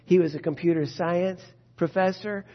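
A man preaching an Easter sermon as a pastor, telling a story and then leading a quiet, earnest prayer. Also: sits high, fairly even intonation, normal speed, in a large hall. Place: church sanctuary. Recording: dull lo-fi sound.

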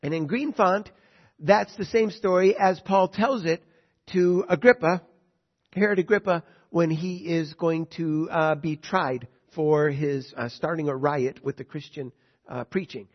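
A man's voice: a little high, measured pace, muffled recording. A man teaching a Bible study lesson, reading scripture aloud and then explaining it in plain words, with rhetorical questions to his listeners.

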